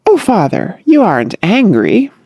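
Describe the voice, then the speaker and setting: A woman's voice: medium pitch, wildly swooping pitch, measured pace, mellow, slightly rough, no echo, studio quality, voice pushed up, exaggerated voice. A narrator voicing a young woman who pleads earnestly with her stern father in a comic audiobook. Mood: earnest, pleading.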